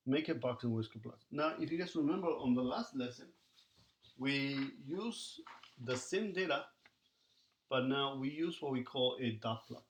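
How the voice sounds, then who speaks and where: A man with a mid-range voice and moderate pace teaches a recorded math lesson, addressing students as he works through problems and counts numbers aloud.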